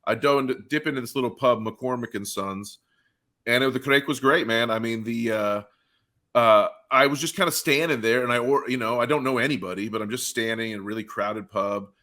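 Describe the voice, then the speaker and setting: Male podcast host from Carolina, chatty storyteller, bright and forceful tone. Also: medium pitch, brisk. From Carolina, USA. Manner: animated storyteller with many fillers. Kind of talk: casual chat.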